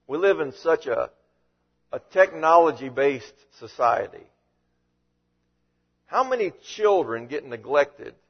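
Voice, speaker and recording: A man preaching a sermon as a pastor, with animated delivery and frequent rhetorical questions. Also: a little high, highs cut off.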